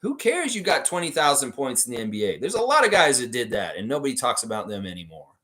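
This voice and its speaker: A man hosting a fan live stream, reading viewers' comments aloud and riffing on them in a playful, animated way, often repeating short phrases for emphasis. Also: mid-range voice, quick pace. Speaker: fan show host reading live chat. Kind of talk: casual live-stream chat.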